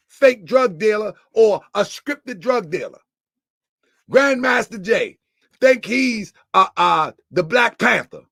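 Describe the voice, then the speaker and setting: Man, live stream host, teasing, loud, bright, gravelly. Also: very high-pitched, dry recording, clean studio sound. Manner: loud, laughing, teasing, repeats himself. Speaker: livestream host.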